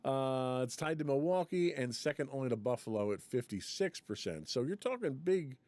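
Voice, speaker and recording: Podcast co-host, male, animated delivery, dry recording, reads stats between jokes. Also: mid-range voice, moderate pace, no room sound. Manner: chatty, laughs often, reads from an article. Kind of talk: casual podcast chat.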